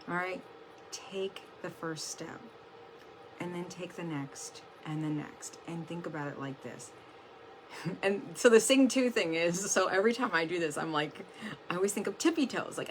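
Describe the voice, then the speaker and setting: A woman's voice: on the low side, expressive, unhurried, a little hiss or hum. A woman giving a casual motivational talk to her team on a livestream, chatty and peppered with "like" and the odd swear word. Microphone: camera close up, adjusted during stream.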